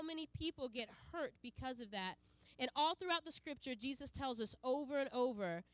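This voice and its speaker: A woman's voice: high voice, expressive, fairly quick, no room sound. A woman giving an earnest sermon to a congregation, with frequent fillers and restarts. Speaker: preacher.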